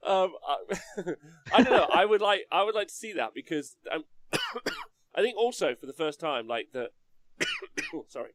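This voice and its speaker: Guy cohosting a chill podcast, high-ish voice, super animated, laughs loads. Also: unhurried, pauses often, dry recording. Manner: laughs a lot, animated, jokey. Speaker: podcast co-host. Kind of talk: casual chat.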